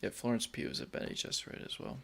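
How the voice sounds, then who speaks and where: A man's voice: fast, fairly bright tone. A man co-hosting a casual movie-review podcast, giggling often as he eagerly explains the lore. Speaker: podcast co-host.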